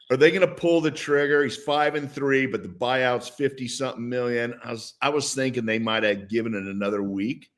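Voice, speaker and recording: A man in his sixties, a former football player, telling stories and giving blunt opinions as a guest in casual sports talk, chuckling often. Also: mid-range voice.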